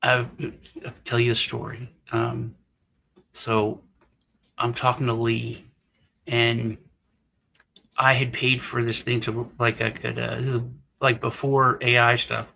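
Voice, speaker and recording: A man's voice: mid-range voice, monotone, slow pace, gravelly, long pauses, bright, forceful tone. A man co-hosting a casual chat, rambling through a story and acting out the other people's lines. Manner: rambling storyteller, acts out quoted voices. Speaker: co-host. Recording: slightly dull lo-fi audio.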